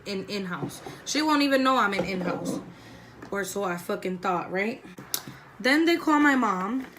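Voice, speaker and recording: This is a young woman vlogger speaking in a slightly high voice, with slight background noise. She's indoors at home putting on makeup while telling a profane, animated storytime, acting out each person's quoted lines.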